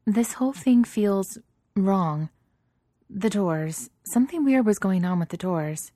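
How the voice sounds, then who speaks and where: A woman's voice: medium pitch, lively intonation, takes it slowly, mellow, no echo, studio quality, voice pushed up. A woman voicing Amanda, a frank, worried young superhero woman, in a storybook reading.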